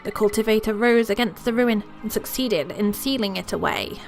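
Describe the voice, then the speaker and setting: A woman's voice: medium pitch, moderate pace, faint music behind, close to an everyday voice. A woman voicing an elderly retired protector, reading game dialogue with grave storytelling and calling the listener dear. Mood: solemn.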